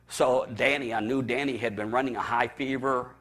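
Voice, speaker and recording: A man's voice: mid-range voice, steady tone, normal speed, fairly bright tone. A man from the Chicago area, a pastor preaching a personal testimony, telling it with emotion and stammered repeats. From Chicago area, USA.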